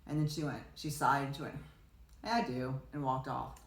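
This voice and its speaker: A low-pitched woman chats on a podcast, rambling and restarting as she tells her stories. She acts out what people said. The room gives her voice a roomy echo. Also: steady tone, fast talker. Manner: rambling storyteller, many restarts, acts out quotes. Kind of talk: casual conversation.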